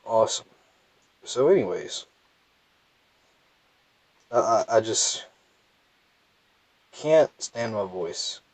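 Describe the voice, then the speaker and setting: A man's voice: lowish voice, expressive, extremely slow, pauses often, slightly rough, dry recording, poor audio. A young man with a thick Southern US accent, rambling and self-deprecating as he comments casually on his gameplay. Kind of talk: casual let's play commentary.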